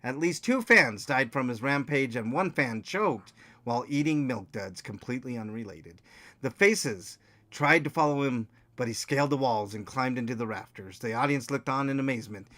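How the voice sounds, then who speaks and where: A man co-hosting a game podcast, playing and narrating the story in a relaxed, dry way. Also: mid-range voice, moderate pace. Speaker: podcast co-host and player. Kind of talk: casual chat and story narration.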